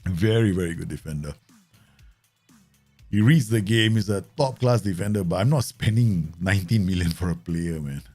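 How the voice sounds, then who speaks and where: A man's voice: deep voice, moderate pace, dark tone, faint music behind. A man chatting casually through a live stream of a football management game, laughing often and making playful asides.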